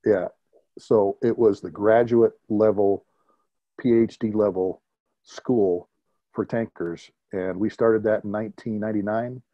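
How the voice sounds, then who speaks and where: A man in his fifties, a retired military pilot, telling lively anecdotes as an interview guest and chuckling at his own stories. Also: fairly low pitch, unhurried, no room sound, lo-fi sound. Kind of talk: conversational interview storytelling.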